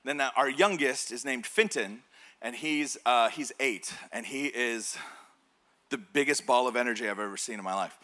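A man in his thirties, a pastor preaching a sermon through a personal story, told in an animated way with laughs. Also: mid-range voice, normal speed.

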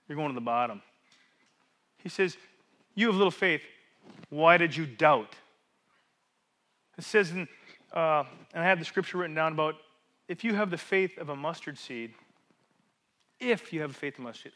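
A man preaching a sermon as pastor in a church, asking rhetorical questions and swinging between loud emphasis and hushed drops. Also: high voice.

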